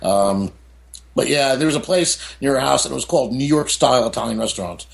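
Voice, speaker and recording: A man's voice: mid-range voice, expressive, fairly quick, vocal fry. A middle-aged man from the United States, an author talking as a guest, telling candid stories with lots of "you know" and "I mean" asides. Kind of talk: candid storytelling in an interview.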